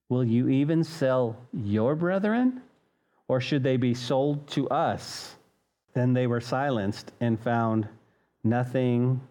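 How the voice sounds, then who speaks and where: A man preaching a sermon as pastor, animated and restarting often, acting out quoted voices. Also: mid-range voice.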